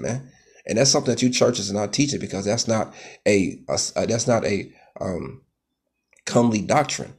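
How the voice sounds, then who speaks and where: A man's voice: normal speed, vocal fry, husky. A man preaching from scripture, tagging lines with "man" and "okay", stumbling through restarts and growing heated. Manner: grows loud and heated, pitch rising sharply. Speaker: street preacher. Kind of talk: scripture teaching sermon.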